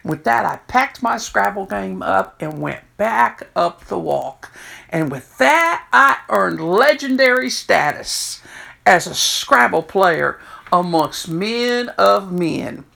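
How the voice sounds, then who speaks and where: Very gravelly-voiced woman telling stories. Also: takes it slowly. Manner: animated storyteller, jumps high to quote herself and others. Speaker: prison chaplain. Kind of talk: storytelling talk.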